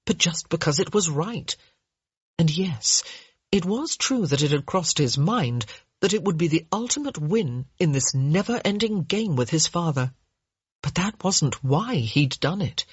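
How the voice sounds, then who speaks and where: Husky woman reading an audiobook, lo-fi. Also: sits low, big pitch swings, unhurried, dry recording. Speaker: audiobook narrator. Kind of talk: scripted audiobook narration. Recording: dull lo-fi dry recording.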